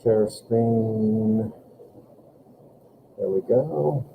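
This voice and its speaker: Slow-talking man teaching a class. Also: fairly low pitch, gravelly, narrow, tinny audio, noisy background. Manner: slow, deliberate reading of phrases. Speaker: German teacher. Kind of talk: classroom lesson.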